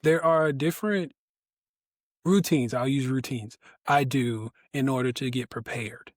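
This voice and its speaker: Brief: male podcast guest, animated and laughing storyteller, dry close sound. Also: a little slow, no echo. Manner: animated storyteller who laughs often and jumps to high pitch. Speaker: podcast guest, resilience speaker. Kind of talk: casual interview chat.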